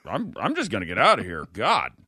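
A man's voice: on the low side, wildly swooping pitch, brisk, pushed and bright, husky, dry recording, clean studio sound, voice pushed down, full character voice. A man voicing a bemused bear who drawls wearily as it leaves a tense scene. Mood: weary.

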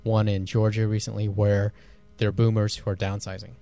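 A man from California co-hosting an investing radio show, a relaxed storyteller. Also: fairly low pitch, normal speed. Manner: relaxed storyteller, acts out quotes. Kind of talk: casual radio talk.

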